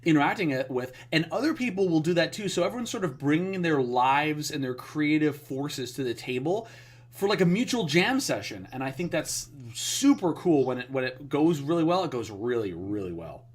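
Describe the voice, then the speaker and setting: A man's voice: fairly high pitch, lively intonation, normal speed, slightly rough. Rambling, enthusiastic podcast man. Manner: rambling, enthusiastic, many fillers. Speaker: podcast co-host. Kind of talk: casual podcast chat.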